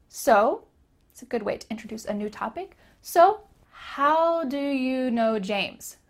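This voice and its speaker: A young American woman teaching English pronunciation, calmly modeling phrases in slow repeated drills. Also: sits high. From North America. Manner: slow drilled repetitions, light laughs. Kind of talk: spoken English lesson.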